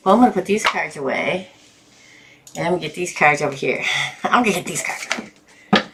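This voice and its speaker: A woman doing a live tarot reading, chatty and often breaking into laughter and excited bursts. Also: fairly low pitch, normal speed, pauses often, background noise. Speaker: tarot reader.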